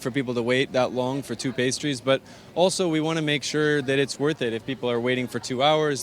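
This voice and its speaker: A man's voice: mid-range voice, a bit bright. A man from Arizona, a pastry chef and bakery owner, explaining his pastries in detail, with fillers, during an on-location interview. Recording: faint outdoor traffic noise.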